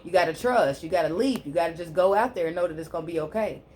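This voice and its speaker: A woman giving a tarot reading on her channel, preaching fervently to her listeners and softly repeating prayerful invocations as she draws cards. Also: fairly low pitch, fast, slight background noise. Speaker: spiritual healer and tarot reader.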